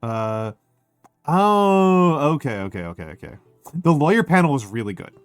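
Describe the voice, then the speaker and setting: A man's voice: fairly high pitch, big pitch swings, normal speed, clean tone, no room sound, soft background music. A middle-aged man streaming, with a scratchy throat, rambling casually and reading chat aloud. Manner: rambling, self-deprecating, reads chat aloud.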